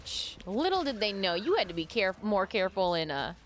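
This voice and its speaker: A woman's voice: mid-range voice, sing-song, a little fast, a little hiss or hum. A woman chatting casually while streaming a video game, laughing often and rambling into asides at her desk mic. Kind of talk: casual chat while gaming.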